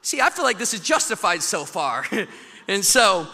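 A man's voice: high voice, normal speed, creaky. A man pastor preaching a sermon in a church, casual and joking, telling stories with plenty of fillers. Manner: casual, joking, animated storytelling. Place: church sanctuary. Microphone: handheld mic. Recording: echoey hall, long reverb.

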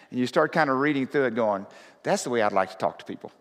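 A man preaching a conversational sermon as pastor, often rising to loud, fervent scripture reading. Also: medium pitch, expressive, quick pace. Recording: reverberant hall.

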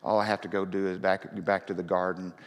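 A man preaching a conversational sermon as pastor, often rising to loud, fervent scripture reading. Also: sits low, flat delivery, brisk. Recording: reverberant hall.

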